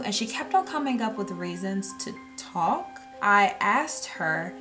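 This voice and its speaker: A woman's voice: mid-range voice, expressive, measured pace, music in the background. A young woman vlogger animatedly telling a spooky storytime in a chatty, casual way. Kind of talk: storytime vlog.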